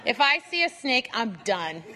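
Speaking at normal speed in a voice on the high side, a woman in her thirties or forties tells a comic story about herself to her Bible study group. The audio has a big-room sound, and she lively plays out her own grumbling and side comments with self-mockery.

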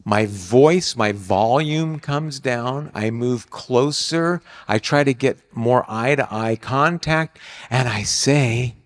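An older man preaching on marriage, animated, acting out quoted lines with bursts of loud exclamation. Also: medium pitch, takes it slowly, hardly any pauses. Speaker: speaker on marriage. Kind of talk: sermon. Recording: long hall reverb.

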